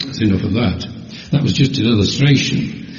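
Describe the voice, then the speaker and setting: A man delivers a sermon in a teasing, playful way, bantering with the people in front of him. His voice sits a little low. The recording is lo-fi, with a long echo from a large church hall. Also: normal speed, a little mellow. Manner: jokey, teasing, playful with the congregation. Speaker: preacher.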